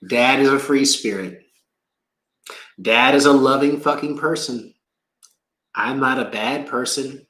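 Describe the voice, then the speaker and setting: A man's voice: medium pitch, unhurried, pauses often, fairly bright tone, reverberant, rough recording. A man doing oracle card readings on his own channel, talking in an emotional, rambling way and swearing a lot. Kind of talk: casual livestream rant and card reading.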